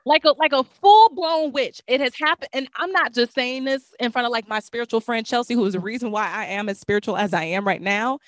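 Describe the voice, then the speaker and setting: A young woman hosting a casual chat, telling a lively story and acting out the voices of the people in it. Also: fairly high pitch, a little fast, hardly any pauses, no echo. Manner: animated, acts out voices in her stories.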